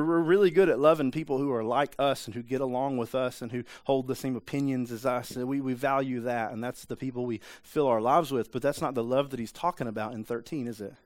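A man's voice: mid-range voice, no room sound. A man preaching a sermon in a church, talking in a loose conversational way with frequent restarts and rhetorical questions. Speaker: pastor. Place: church sanctuary.

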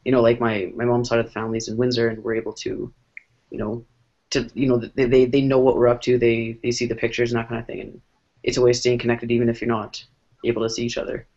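A man's voice: mid-range voice, completely flat delivery, fast, a little mellow. A man speaking as a guest in a casual panel chat, thoughtful and rambling, with many restarts. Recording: dull lo-fi sound.

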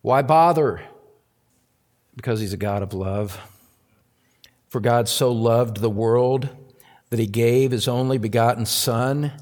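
A man preaching a sermon as pastor, earnest, with rhetorical questions and slow answers, sometimes rising to loud emphasis. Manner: rises to loud high emphasis.

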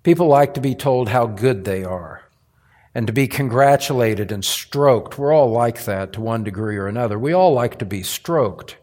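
A man preaching a sermon as pastor, earnest and emphatic, with deliberate phrasing that presses each point home in a church. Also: medium pitch, expressive, darkish tone.

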